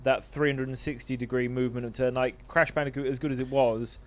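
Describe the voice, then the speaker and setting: A man co-hosting a game channel, chatting casually and giving relaxed opinions while his friend plays. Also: mid-range voice, fast talker. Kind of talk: casual chat while playing.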